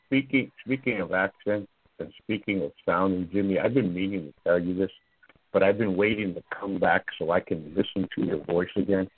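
A low-pitched, husky man with a Southern US accent hosts a sports talk show, animated and teasing, and he stumbles over repeated words. His voice comes through a thin, phone-like line that sounds dry and close. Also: moderate pace, dry recording.

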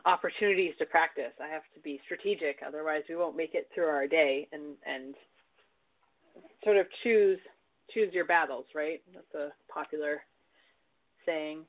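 Man, radio show guest, thoughtful and halting, somewhat high voice, tinny phone line. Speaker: long-time listener guest. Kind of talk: radio talk show conversation.

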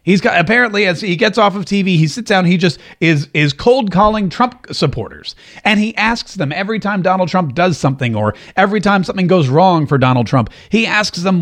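A man's voice: sits high, lively intonation, brisk, fairly bright tone. A man hosting a political commentary show, talking casually and animatedly, often stumbling over and repeating words.

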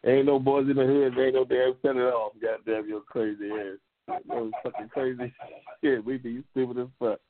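A man hosting a call-in talk show, heated and profane, repeating himself and jumping into high outbursts. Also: fairly even intonation, moderate pace, noisy background. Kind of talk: loud profane call-in chat. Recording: phone-like lo-fi audio.

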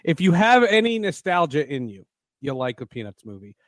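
Man, podcast host, fairly high voice, casual joking banter, dry close mic. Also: big pitch swings, fairly quick, no room sound.

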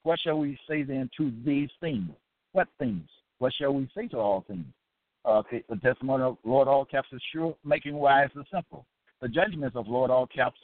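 A man's voice: medium pitch, no room sound. A man delivering a preaching lecture, firing off repetitive rhetorical questions and tagging lines with "okay?". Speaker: religious teacher. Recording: tinny dry phone-line sound.

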